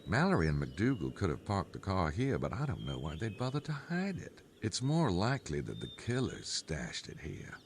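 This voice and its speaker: Casting: a wry, deep-voiced game detective with a lazy drawl, lively delivery, faint ambient hiss. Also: male voice, normal speed, few pauses, exaggerated voice. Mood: dry. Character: wry male detective hero with a drawling put-on Southern accent.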